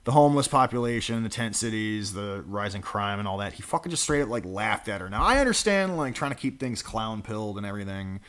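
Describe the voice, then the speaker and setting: A man's voice: lowish voice, expressive, fairly quick, few pauses, a bit bright. A man giving a crude, mocking reaction commentary, ranting with profanity and scoffing laughs. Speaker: political commentary vlogger.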